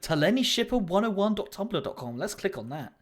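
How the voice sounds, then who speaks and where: A man's voice: high voice, big pitch swings, brisk. A man co-hosting a podcast, reading aloud through giggles in casual chat. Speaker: podcast co-host. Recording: loud background noise.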